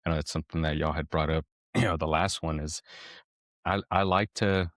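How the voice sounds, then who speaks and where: A man's voice: extremely low pitch, steady tone, a little fast, a bit bright, no echo, studio quality. A man co-hosting a podcast, chatting casually and telling easygoing family anecdotes. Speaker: podcast co-host. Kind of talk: casual chat.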